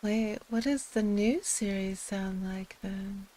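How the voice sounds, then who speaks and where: A woman's voice: medium pitch, slow pace, warm tone. A woman streaming, chatting casually and laughing often. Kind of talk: casual chat.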